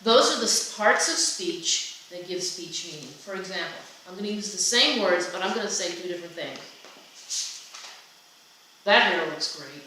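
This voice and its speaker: A woman presenting a workshop in a chatty, animated way, often restarting her sentences. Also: lowish voice, fairly quick, hardly any pauses. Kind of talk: conversational seminar talk. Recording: echoey room from a distance with faint noise.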